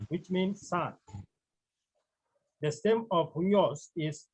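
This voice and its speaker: Male Greek teacher with a slightly high, husky voice and a slow, repetitive classroom delivery. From Cameroon. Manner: slow, deliberate, repeats key words, clears throat often. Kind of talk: classroom lecture. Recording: dull lo-fi recording.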